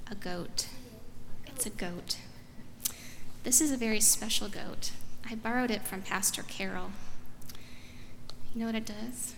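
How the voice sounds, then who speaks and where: A woman's voice: mid-range voice, a little slow, creaky, pauses often, fairly bright tone. A woman pastor giving a children's sermon in a church sanctuary. She keeps asking the children friendly questions. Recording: reverberant sanctuary, faint room noise.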